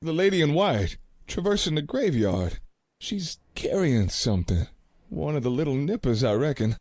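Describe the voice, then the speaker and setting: A man's voice: on the high side, big pitch swings, moderate pace, a little mellow, dry recording, studio quality. An actor playing a bold, plainspoken frontiersman in a radio play. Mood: brash. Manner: brash, plainspoken. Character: brash frontiersman with a revolver, bold.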